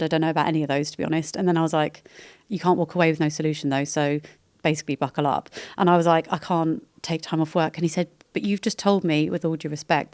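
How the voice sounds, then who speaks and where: A British woman in her thirties talks candidly on a podcast, her words tumbling out at a quick clip. Her voice sits a little low, and she rambles and often breaks off mid-thought. The sound is close and dry, with no room echo. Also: a little mellow, clean tone. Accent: British English. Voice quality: chatty, rambling, self-interrupting. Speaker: podcast guest. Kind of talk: candid casual chat.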